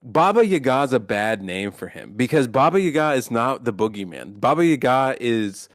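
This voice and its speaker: A man's voice: medium pitch, sing-song, normal speed, dry recording, clean studio sound. A man hosting a podcast in casual chat, rambling and swearing, with many restarts. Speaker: podcast host.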